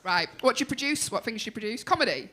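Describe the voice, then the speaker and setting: A woman's voice: on the high side, lively intonation, fast, sharp tone. A woman with a Liverpool accent, compering a comedy night on stage with brash, sweary banter aimed at the crowd. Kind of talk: stand-up compering.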